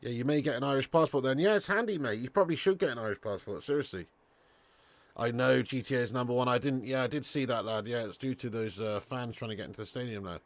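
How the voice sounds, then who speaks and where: A man's voice: mid-range voice, fast talker, no echo. A man, hosting a football watch-along live stream. He is sweary and full of banter, and he talks straight to his viewers. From Birmingham area, England.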